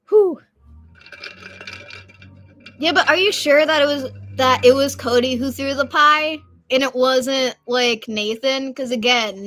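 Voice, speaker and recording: A woman in her twenties chatting casually and rambling on a live stream, loud at times. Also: fairly high pitch.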